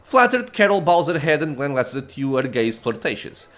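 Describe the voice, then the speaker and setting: A man hosting a let's play, reading the game's story text aloud with casual asides and quick self-corrections. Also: on the high side, big pitch swings, fairly bright tone.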